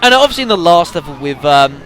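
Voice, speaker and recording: A man narrates his gameplay in a loose, rambling way, full of fillers and asides to his viewers. His voice sits a little high, with a bright, forceful edge and a very animated pitch. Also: fast, a little hiss or hum. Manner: rambling, filler-heavy, keeps addressing the audience as folks. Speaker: let's play commentator. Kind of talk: casual gameplay commentary.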